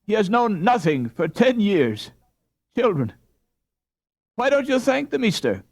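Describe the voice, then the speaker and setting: A man's voice: high voice, big pitch swings, unhurried, a little mellow, pitched above the performer's own voice, exaggerated voice. A man voicing an emotional middle-aged Dutch mother crying out, beside herself with joy. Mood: overjoyed. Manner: cries out, breathless with joy.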